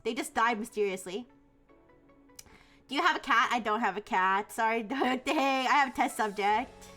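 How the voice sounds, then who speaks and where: A woman streamer chatting casually and excitedly, giggling often and restarting her sentences. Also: on the high side, normal speed, soft background music. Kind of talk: casual live stream chat.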